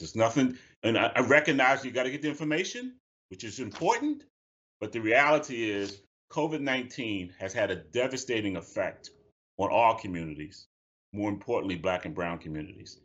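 A man's voice: lowish voice, animated, a little fast, fairly bright tone. A man speaking as a guest on a video call, earnest and urgent, repeating himself for emphasis. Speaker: guest, head of a national youth organization. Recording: dull video call audio.

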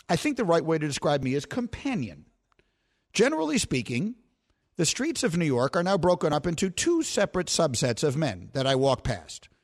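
A middle-aged man hosting a sports talk show, chatting in a playful, talkative, self-mocking way. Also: fairly high pitch. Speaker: radio and podcast host. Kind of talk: casual sports talk banter.

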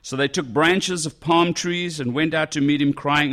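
A man preaching a sermon in a conversational, animated way, breaking into exclamations as he reads and explains a passage. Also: medium pitch, a little fast, few pauses. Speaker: pastor.

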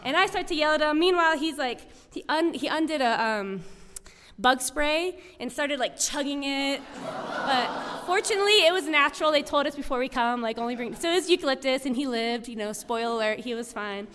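A woman's voice: high voice, a little fast, a bit bright, slight background noise. A woman telling a personal story to an audience, in a chatty way full of "like" and "um". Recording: long reverb of a hall.

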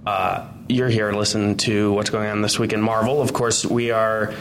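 A man's voice: on the low side, little pitch movement, moderate pace, background noise. A man co-hosting a podcast, chatting loosely with self-deprecating, rambling asides. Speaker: podcast co-host, website editor. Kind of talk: casual news chat.

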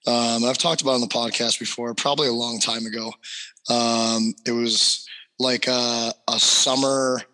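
A man's voice: mid-range voice, little pitch movement, normal speed, sharp tone. A young adult man and hockey trainer, co-hosting a podcast and telling a personal story animatedly, with many fillers. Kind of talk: casual storytelling.

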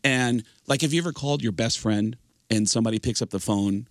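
A man, a comedian guest on a radio show, chatting in a lively storytelling manner. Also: mid-range voice, fairly quick, no room sound, clean studio sound. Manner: animated storyteller slipping into impressions.

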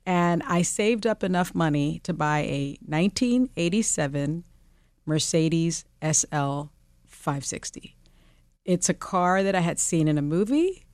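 Lively woman telling a story, dry sound. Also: fairly low pitch, measured pace, no room sound. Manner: animated storyteller, laughing often. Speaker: guest. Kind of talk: casual interview chat.

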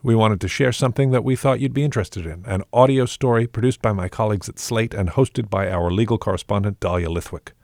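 A man's voice: lowish voice, fast, gravelly, hardly any pauses, a little mellow, no room sound, clean studio sound. A man who hosts a podcast, reading a short scripted promo and speaking directly to his listeners in a friendly way. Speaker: podcast host.

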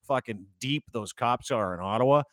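A man's voice: medium pitch, a bit bright, no room sound. A man, co-hosting a casual podcast, crude and sarcastic with lots of swearing. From Canada. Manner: crude, sarcastic, quick to joke. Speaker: podcast co-host. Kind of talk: casual profane banter.

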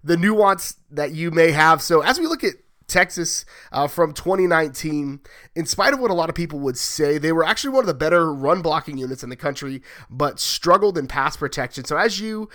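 A man's voice: a little high, animated, a little fast, fairly bright tone. A man hosting a sports podcast, chatty and joking, who asks long rambling questions. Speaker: podcast host. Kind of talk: casual sports podcast chat.

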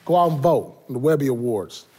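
A man in his forties co-hosting a casual sports talk show, animated and teasing, repeating himself for emphasis. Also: medium pitch, fairly quick, slight background noise. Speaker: podcast co-host.

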